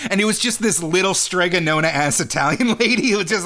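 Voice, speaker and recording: A man's voice: a little high, expressive, brisk, hardly any pauses, bright, forceful tone. Rambling, sarcastic man co-hosting a podcast. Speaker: podcast co-host. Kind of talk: casual podcast chat.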